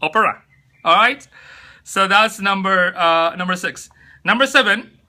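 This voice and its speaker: A man's voice: high-pitched, unhurried, bright, forceful tone. A chatty, upbeat man hosting a casual live-stream tutorial on his phone, greeting viewers by name as he talks. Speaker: live-stream host giving tips.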